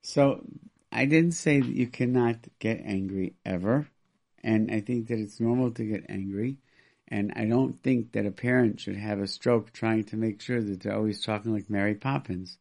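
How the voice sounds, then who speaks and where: Male radio advice host. His voice is gravelly and full of fry, and he talks with emphasis. He acts out quoted parents as he explains. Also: lowish voice, normal speed, a little mellow. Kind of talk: call-in radio advice talk.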